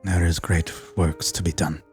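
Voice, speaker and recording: A man doing a grave, hushed workshop keeper. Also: deep voice, level tone, moderate pace, faint music behind, pitched below the performer's own voice, natural voice.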